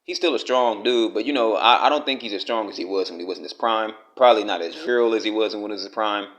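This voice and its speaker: A man's voice: lowish voice, quick pace, fairly bright tone. Casting: man, blunt and profane, scolding his subject straight to camera in a vlog rant. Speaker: commentary vlogger.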